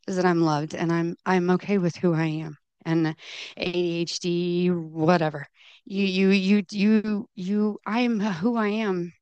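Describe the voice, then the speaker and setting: A middle-aged woman gives a candid personal testimony at a recovery meeting. She talks haltingly, restarting her sentences and quoting her own past self-talk. Her voice sits a little low and sounds smooth and clean, recorded dry and close with no room echo. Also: darkish tone. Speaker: recovery program member sharing her story.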